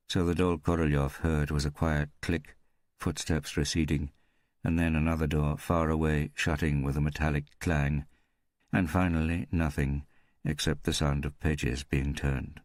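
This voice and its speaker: A man reads a mystery audiobook in an extremely deep, low voice. His delivery is measured and steady, and the close studio sound is dry, with no room echo. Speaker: audiobook narrator. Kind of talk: scripted audiobook narration.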